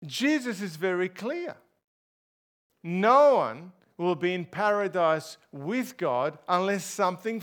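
A man preaching a sermon to a congregation. He speaks with emphasis and asks his listeners rhetorical questions. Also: sits high.

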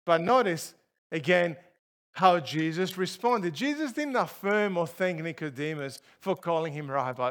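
High-voiced, slow, emphatic male preacher. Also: lively intonation, fairly bright tone. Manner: emphatic, asks the congregation rhetorical questions. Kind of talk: sermon.

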